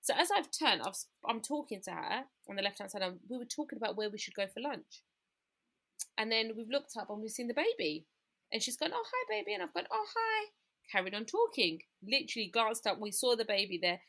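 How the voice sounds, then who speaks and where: A woman's voice: mid-range voice, lively intonation, fairly quick, fairly bright tone. A woman, telling her personal story as a guest in an interview, candid and full of quoted dialogue.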